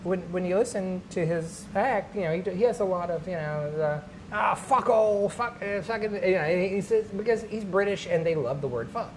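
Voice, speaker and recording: A man, a comedian guest, chatting casually on a podcast and telling animated stories with quick character voices. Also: sits high, slight background noise, rough recording.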